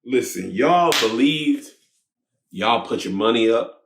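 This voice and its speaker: Guy thanking his supporters live, emphatic n grateful, slow delivery, echoey venue sound. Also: medium pitch, animated, gravelly, background noise. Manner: emphatic, grateful, rhythmic listing. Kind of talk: live speech to an audience.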